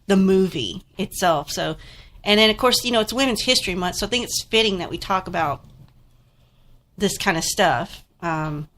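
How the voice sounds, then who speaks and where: A woman's voice: mid-range voice, normal speed, fairly bright tone, a little hiss or hum. A woman co-hosts a live internet talk show in easy, casual chat. Her voice sounds stuffed up and nasal from congestion, and she keeps the talk chatty and upbeat. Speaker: podcast co-host.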